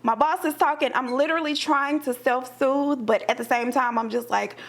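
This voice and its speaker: A woman's voice: sits high, moderate pace. A woman talking as a podcast guest in a casual, chatty way, acting out her own thoughts as she tells a personal story.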